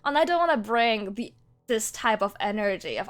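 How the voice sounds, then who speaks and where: A woman's voice: medium pitch, huge pitch swings, brisk, fairly bright tone. A woman streamer chatting casually with her viewers, laughing often and rambling with restarts.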